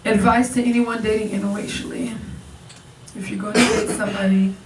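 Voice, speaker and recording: A young woman doing a stand-up comedy set, chatty and animated, often laughing at her own jokes. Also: medium pitch, a little fast, slight background noise. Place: comedy club stage. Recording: echoey club, recorded from far off. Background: audience laughter.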